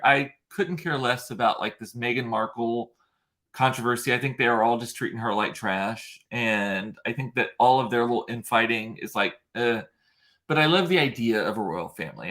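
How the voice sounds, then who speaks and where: A man's voice: medium pitch, pushed and bright. A man chatting casually on his own, rambling and gossipy, often correcting himself mid-sentence. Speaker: vlogger. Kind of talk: casual solo chat reading live comments.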